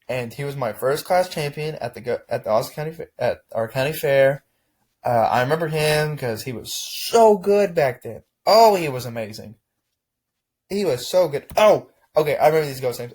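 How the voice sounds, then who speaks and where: A young man from Texas talking casually to camera, rambling and relaxed, with frequent restarts. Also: medium pitch. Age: young adult. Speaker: vlogger. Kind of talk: casual reflective chat to camera.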